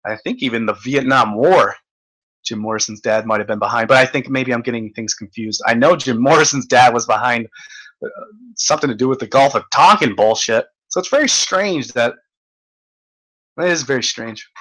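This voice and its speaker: A man's voice: mid-range voice, moderate pace, a bit bright, poor audio. A man hosting a casual livestream, rambling and joking, swearing often and laughing as he reads out chat comments.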